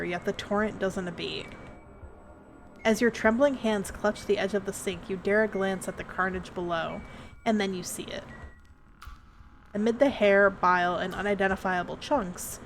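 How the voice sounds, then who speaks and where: A woman's voice: medium pitch, slight background noise. A woman streamer reading a horror story game aloud with dramatic delivery and joking asides to chat.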